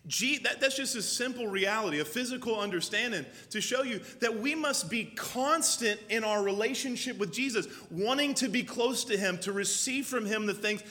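A man's voice: high voice, normal speed, hardly any pauses, sharp tone, big-room sound. A male pastor preaching a sermon with emphatic, repeated phrases. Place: church.

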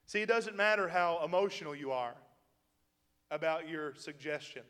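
A man's voice: a little high, animated, moderate pace, fairly bright tone. A man preaching a sermon as pastor, with an emphatic, chuckling delivery. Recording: long hall reverb.

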